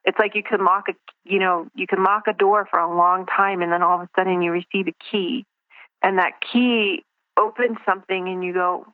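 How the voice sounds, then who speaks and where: A woman's voice: medium pitch, steady tone, moderate pace, no room sound. A woman guest talking reflectively in an interview, searching for words and restarting her sentences. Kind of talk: casual interview over the phone. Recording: tinny dry phone line.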